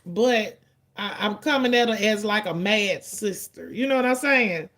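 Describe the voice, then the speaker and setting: A woman, giving casual, blunt and profane commentary in an animated storytelling way. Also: mid-range voice, measured pace.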